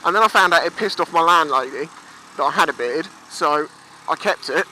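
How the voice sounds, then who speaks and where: Guy in his 20s vlogging off a motorbike helmet cam, chatty and sweary, quite high voice, bit of road noise. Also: a little fast, sharp tone, low-quality recording. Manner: chatty, swears freely, acts out quoted voices. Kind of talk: casual storytelling vlog. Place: outdoors on a motorbike by the seafront. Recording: faint road and engine noise.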